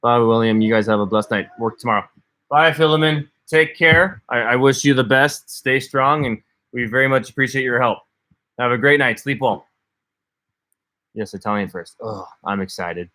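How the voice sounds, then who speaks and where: A man's voice: medium pitch, normal speed, sharp tone. A man co-hosting a casual livestream, chatting as he reads out and answers viewer comments. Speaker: livestream co-host.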